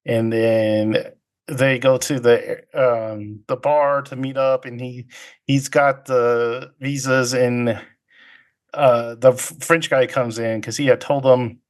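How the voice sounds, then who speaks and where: This male podcaster goes over a film's plot in a mid-range voice, his intonation staying fairly even. He meanders, stops and starts, uses lots of fillers, and briefly mimics the characters.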